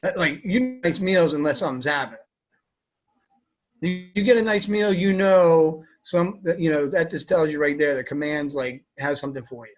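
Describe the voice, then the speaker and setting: A man's voice: fairly high pitch, moderate pace, faint music behind. A young man, an army veteran, answering interview questions in a rambling, casual way with many fillers.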